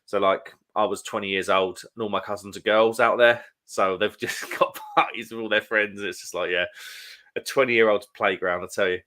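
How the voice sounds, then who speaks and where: A man's voice: lowish voice, fairly even intonation, moderate pace, bright, forceful tone. A man from England with a London accent, in his thirties, hosting a casual live stream chat and telling stories with plenty of laughs. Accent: London English. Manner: chatty storyteller, laughs often.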